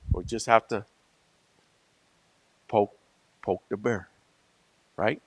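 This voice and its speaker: A male pastor preaching a sermon in a conversational way, moving from soft asides to loud, emphatic peaks. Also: lowish voice, fairly even intonation, a little slow, pauses often, no room sound.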